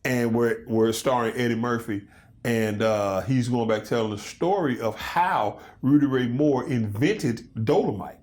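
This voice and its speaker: A man in his fifties chats casually as an interview guest, spinning stories in an animated, loose way. His voice sits at an ordinary middle pitch for a man. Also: unhurried. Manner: animated storytelling, loose and conversational. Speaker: comedian and guest.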